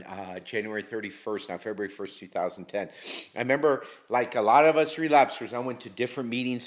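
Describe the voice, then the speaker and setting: Candid middle-aged man telling his story. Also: lowish voice. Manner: candid, slangy, swears freely. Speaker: interview guest. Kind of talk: casual storytelling.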